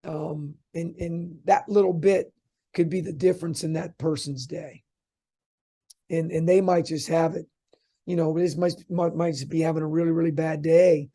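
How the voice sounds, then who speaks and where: Middle-aged male coach guest, chatty storyteller, pitched a bit high with a mellow tone. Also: moderate pace. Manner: chatty, restarts often, lively anecdotes. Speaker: college basketball coach. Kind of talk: interview guest, rambling storytelling.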